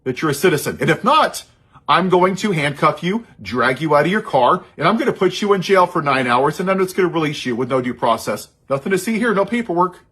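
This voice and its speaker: Guy ranting, sarcastic and heated, high husky voice that swings all over. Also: lively intonation, fairly quick, a bit bright. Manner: sarcastic, heated, mocking asides. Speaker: social media commentator. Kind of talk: impassioned political monologue.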